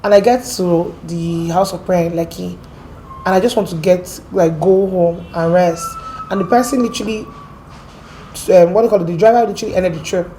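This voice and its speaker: A woman with an American accent, from Port Harcourt, telling her story as an interview guest in a lively, animated way. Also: fairly low pitch, brisk, a little hiss or hum. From Port Harcourt, Nigeria. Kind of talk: casual storytelling.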